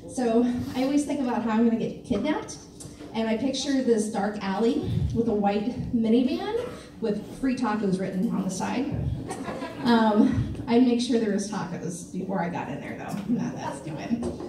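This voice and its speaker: A woman from Missouri doing a stand-up comedy set on a club stage, with a dry, self-deprecating delivery full of pauses and fillers. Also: fairly high pitch, expressive, background noise. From Missouri, USA. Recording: echoey club room, mic from a distance, faint ambience.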